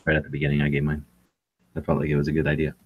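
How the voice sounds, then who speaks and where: Husky low-voiced man telling stories. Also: very fast, narrow, tinny audio. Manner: animated storyteller, mimics others. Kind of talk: casual chat.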